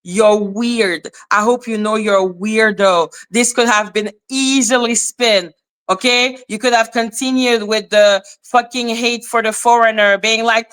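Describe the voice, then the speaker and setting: A woman's voice: a little high, steady tone, unhurried, a bit bright, clean tone. Blunt woman ranting on a livestream. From Canada. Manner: blunt, profane ranting, greeting chat viewers. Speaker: live-stream host. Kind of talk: live-stream commentary.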